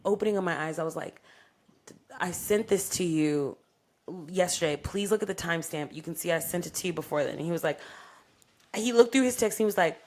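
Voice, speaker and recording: A young woman co-hosting a podcast, telling a personal story in casual, profane chat and getting animated as she re-enacts arguments. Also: on the low side, brisk. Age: young adult. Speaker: podcast co-host.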